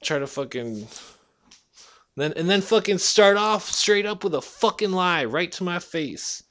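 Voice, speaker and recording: A man in a loose, unscripted rant, blunt and heated, with swearing in almost every sentence. His voice sits a little higher than most men's. He talks straight at the listener as a vlogger would. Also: lively intonation, a little slow, fairly bright tone. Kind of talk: casual rant monologue.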